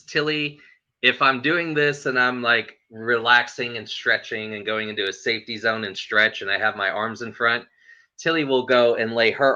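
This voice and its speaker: A man's voice: medium pitch, pushed and bright. A man hosting a casual interview chat, rambling with lots of fillers and laughing often as he talks. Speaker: host. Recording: muffled lo-fi audio.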